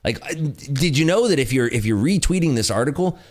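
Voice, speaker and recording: Animated man ranting on a livestream. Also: mid-range voice, a little fast. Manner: animated, ranting, with frequent fillers. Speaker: livestream day-trading host. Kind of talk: casual livestream chat answering viewer questions.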